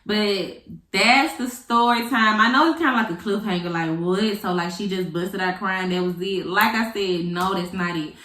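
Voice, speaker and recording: Young woman, animated profane storyteller, echoey room. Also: medium pitch. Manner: animated, profane, dramatic retelling. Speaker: vlogger. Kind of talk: casual storytime.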